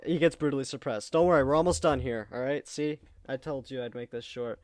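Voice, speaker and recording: A young man hosting a casual review chat, rambling and joking, slipping into quick put-on character voices. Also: medium pitch, darkish tone, dry recording, clean studio sound. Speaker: video host.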